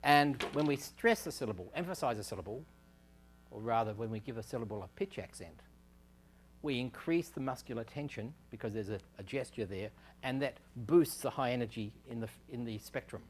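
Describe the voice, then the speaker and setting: A man's voice: medium pitch, animated, a little fast, slight background noise. A man giving a university lecture on speech science, explaining step by step, with fillers and restarts. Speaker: research scientist giving a technical talk. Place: lecture room.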